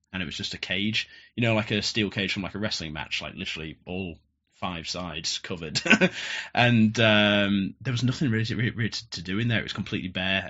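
Casting a young man with a bright, forceful voice who rambles through his stories with frequent restarts and bursts of laughter, just in it for casual chat. The podcast audio is muffled and lo-fi. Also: fairly low pitch. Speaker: podcast guest. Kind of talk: casual storytelling. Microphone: headphones with podcast mic.

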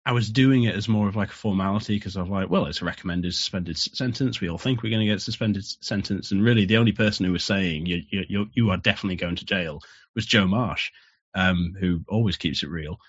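A man, a guest on a stream, talks in a halting way and often restarts his sentences. His voice sits fairly low. The sound is dry and muffled. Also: breathy edge, no echo. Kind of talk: casual stream chat.

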